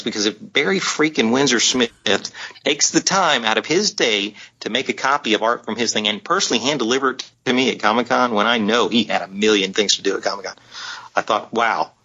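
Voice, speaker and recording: A man's voice: lowish voice, vocal fry, sharp tone, husky. A man telling a long story as a podcast guest, rambling with many fillers and restarts. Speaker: guest, publisher. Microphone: on the phone line. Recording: dull lo-fi sound.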